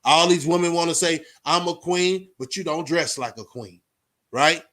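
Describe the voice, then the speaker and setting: A man talks straight to his viewers in a loose, streetwise vlog, sermonizing about respect and real talk. His voice sits fairly high for a man, and he keeps tossing in "man" between thoughts. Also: normal speed, a bit bright. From Austin, Texas. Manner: streetwise, preachy, repeats "man" and "you know what I'm saying". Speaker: vlogger. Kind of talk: casual talk to camera.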